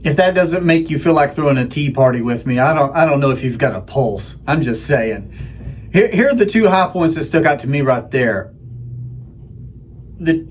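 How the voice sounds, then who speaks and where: Man, host, casual round-table chat, folksy, rambling, restarts, mid pitch. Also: slight background noise.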